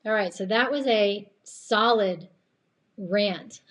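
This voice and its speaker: With a voice a little worn from the late hour, this woman coaches on a live stream, delivering a chatty, earnest faith-based motivational talk with lots of rambling and laughter. She takes it slowly, her medium-pitched voice fairly bright.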